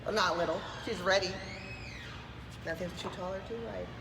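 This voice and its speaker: This woman's voice is on the low side and gravelly at normal speed as she animatedly reads a picture book to preschoolers, doing voices with enthusiasm. The background is noisy, and the room echoes with long reverb.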